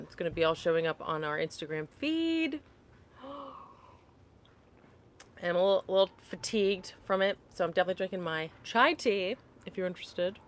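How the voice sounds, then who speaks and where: A woman hosting a casual live chat on her phone, talking to viewers, laughing often and getting sidetracked. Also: mid-range voice. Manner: chatty, laughs often, apologetic and easily sidetracked. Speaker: livestream host. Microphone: phone held upright.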